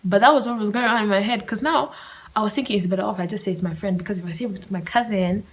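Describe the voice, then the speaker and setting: A woman's voice: medium pitch, fast talker, low-quality recording. A young woman telling a story on her solo podcast, chatty and slangy, often dropping into a whisper. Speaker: podcast host.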